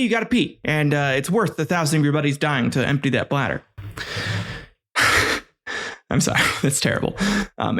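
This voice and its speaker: A man's voice: on the high side, fairly bright tone. A man hosting a comedic history podcast, narrating with irreverent, crude jokey asides. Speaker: podcast host.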